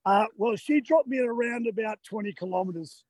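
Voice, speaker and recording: Calling in by phone on a video call from outdoors near the finish line, an older Australian marathon runner chats casually with hosts on a live radio show. He sounds tired after the race, laughs a lot, and acts out what the crowd shouted at him. His voice sits high and his pace is brisk.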